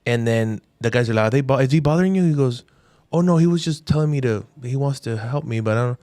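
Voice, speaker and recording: A man's voice: medium pitch, quick pace, warm tone, no room sound. A man co-hosting a dental podcast, talking casually and animatedly retelling stories while quoting other people. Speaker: podcast co-host.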